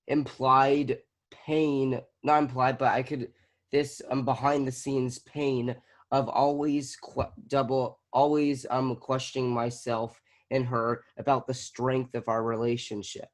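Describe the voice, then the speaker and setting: A teenage boy from Southern California, an acting student, who answers slowly and hesitantly, thinking aloud over a video call. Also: mid-range voice, little pitch movement. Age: teens. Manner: hesitant, thinking aloud with many fillers and restarts.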